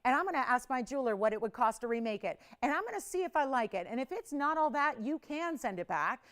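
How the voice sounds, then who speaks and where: A woman hosting a live TV shopping show, pitching with urgent countdowns and chatty, confiding asides from a studio. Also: big pitch swings, quick pace, fairly bright tone. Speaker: shopping channel host.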